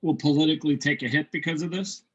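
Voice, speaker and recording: A man hosting a podcast, chatting casually and joking while firing off quick questions. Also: fairly high pitch, fairly even intonation, over a noisy crowd. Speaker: podcast host. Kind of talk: casual chat. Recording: muffled lo-fi audio.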